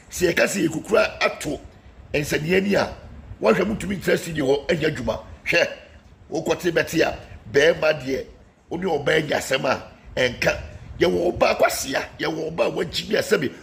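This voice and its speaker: A man's voice: fairly high pitch, moderate pace, vocal fry. A man delivering a heated political rant, combative and scolding, repeating warnings at his critics. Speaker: political commentator.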